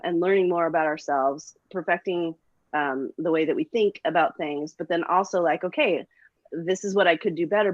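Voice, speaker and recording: A middle-aged woman talks in a casual motivational chat with a fairly low voice. She is upbeat and encouraging, with lots of ums and likes. The sound is dry and a little muffled. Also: dry recording. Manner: upbeat, encouraging, many fillers. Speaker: co-host.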